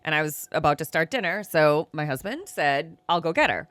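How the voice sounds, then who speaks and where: A woman's voice: low voice, animated, brisk, fairly bright tone, dry recording. A woman, a mother and podcast co-host, telling family anecdotes in casual chat. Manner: chatty, laughs often, tells family anecdotes.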